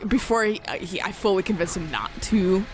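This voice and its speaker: A woman's voice: mid-range voice, a little fast. Young woman chatting over gameplay, swears a ton, laughs a lot, faint hum in the background. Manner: swears a lot, laughs often, animated storytelling. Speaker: co-host of a gameplay channel. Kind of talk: casual chat over gameplay.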